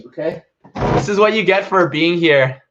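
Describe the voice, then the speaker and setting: A man's voice: on the high side, moderate pace, background noise. A young man chatting playfully in a casual vlog and reading his own writing aloud. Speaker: vlogger. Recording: slightly dull lo-fi sound.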